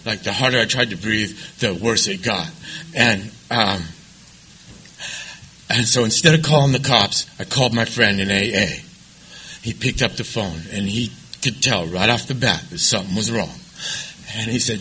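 Before a live audience, a man shares his own recovery story in a confessional, self-mocking way, swinging from hushed, quiet passages to loud, laughing ones. His voice is fairly low and husky, at a moderate pace, and the audio is poor.

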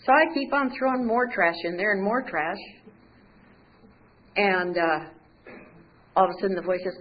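A woman's voice: medium pitch, normal speed, pauses often, highs cut off. Woman telling a candid recovery story. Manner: candid storytelling with wry humor, acting out dialogue. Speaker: recovery speaker. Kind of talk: personal testimony talk.

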